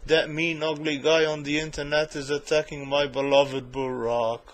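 A man's voice: a little high, flat delivery, normal speed, slight background noise, lightly acted. A man mimicking a whining, tearful political fan in a whiny, mock-sobbing voice.

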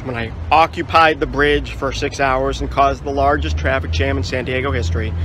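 Defiant, high-voiced male street activist. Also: fairly bright tone, slight background noise, rough recording. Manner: sardonic, defiant, preachy. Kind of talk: self-filmed protest documentary. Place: outdoors by a city building.

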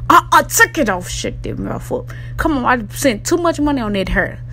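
A woman playing a bossy mother who loudly scolds her daughter. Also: on the high side, wildly swooping pitch, moderate pace, soft background music, heavily acted. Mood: scolding.

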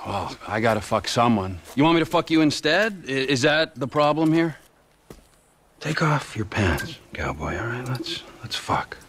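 An actor voicing a volatile, foul-mouthed, unhinged middle-aged criminal man in video game cutscene dialogue, swinging between snarling shouts and mocking hushed taunts. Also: mid-range voice, big pitch swings, moderate pace, a little hiss or hum. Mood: taunting.

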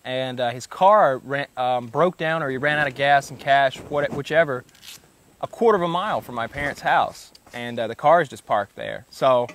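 A man's voice: medium pitch, normal speed, fairly bright tone, slight background noise. A man hosting a podcast, telling stories in loose, joking casual chat with lots of fillers. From United States. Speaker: podcast host.

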